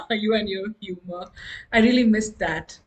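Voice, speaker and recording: A woman's voice: medium pitch, takes it slowly, natural voice, poor audio. Woman playing a flustered ex, stammering, giggly, nervous, video call. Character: flustered woman seeking closure with her exes. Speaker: improv comedian.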